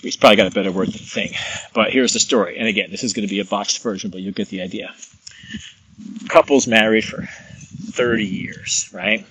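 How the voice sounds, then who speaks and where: A man's voice: on the low side, animated, a little fast, pushed and bright, husky, poor audio. A man who works as a massage therapist, talking in a casual, rambling monologue and illustrating his points with examples and stories.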